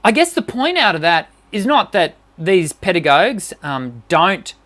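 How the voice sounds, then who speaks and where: A woman's voice: fairly low pitch, very animated, measured pace, fairly bright tone. A woman vocal coach giving an encouraging, conversational live-streamed singing lesson and answering questions, with frequent restarts.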